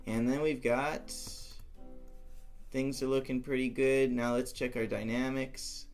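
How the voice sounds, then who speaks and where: A young man talks slowly through his composing, musing to himself with playful asides. His voice is gravelly, and soft music plays along with keyboard typing behind him. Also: medium pitch, little pitch movement. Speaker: composition teacher. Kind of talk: thinking aloud while composing.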